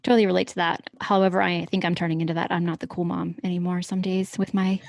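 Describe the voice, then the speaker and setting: A woman in her forties hosting a podcast, relaxed and affirming, laughing along with her guest. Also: on the low side, fast talker, gravelly, no room sound. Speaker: podcast host. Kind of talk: casual podcast interview.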